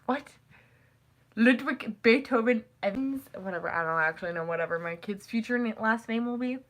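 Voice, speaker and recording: Young woman vlogger, bright voice, rambling and giggly, breaks into high squeaky quotes. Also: normal speed. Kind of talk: casual chat.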